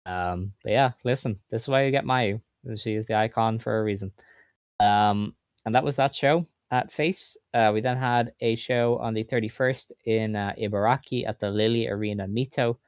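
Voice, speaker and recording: A man's voice: lowish voice, normal speed, smooth, dry recording, clean studio sound. A man co-hosting a podcast, chatting casually and recapping results in enthusiastic detail. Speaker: podcast co-host. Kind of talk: casual chat.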